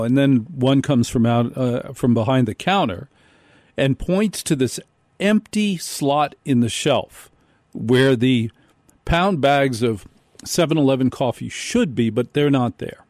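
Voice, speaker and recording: A man hosting a radio show, telling a comic story in an animated way and acting out the people in it. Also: medium pitch, unhurried, no room sound, clean studio sound. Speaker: radio host. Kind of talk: comedic radio monologue.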